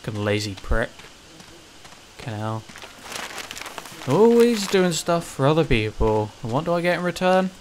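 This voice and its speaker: Man, let's play commentary, sweary, lively swings in pitch, game noise behind. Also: moderate pace, long pauses. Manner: sweary, ranting, sudden shouted outbursts. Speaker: gaming channel host.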